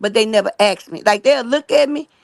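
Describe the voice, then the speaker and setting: A woman with a gravelly, slightly high voice pours out an earnest religious testimony at a fast pace. She keeps checking in with her listeners as she goes. Her voice sounds dry and close. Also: dry recording. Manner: fast and emphatic, keeps asking "right?" and calling "y'all". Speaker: guest telling her story. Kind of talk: rambling personal testimony.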